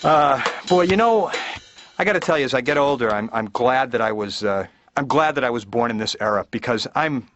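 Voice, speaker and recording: A middle-aged comedian playing a therapy patient in a cartoon, rambling in a self-deprecating stand-up routine. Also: male voice, mid-range voice, lively intonation, a little fast, a bit bright, faint music behind, close to an everyday voice. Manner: rambling, self-deprecating, slips into silly voices. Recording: dull dry cartoon soundtrack.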